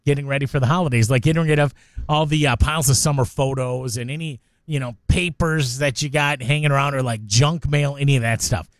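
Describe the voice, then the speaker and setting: A man's voice: medium pitch, brisk, no room sound. A man co-hosting a radio morning show, chatting casually in a playful, teasing way.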